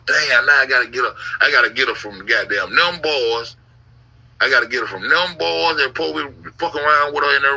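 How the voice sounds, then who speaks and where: A man rambles through a long story on a casual stream, cursing constantly and repeating himself. His voice is bright and edgy but husky, and he drops into low grumbles before bursting out loud. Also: poor audio. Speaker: YouTube commentator.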